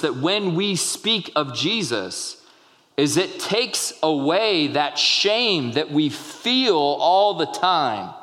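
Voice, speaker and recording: A pastor preaching in a church sanctuary, his slightly raised voice carrying a long hall reverb. He tells stories the way he would chat, breaking off to check in with the congregation. He is a young adult man speaking with easy warmth from the pulpit. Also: fairly high pitch. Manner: conversational storytelling with asides to the congregation. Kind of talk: sermon.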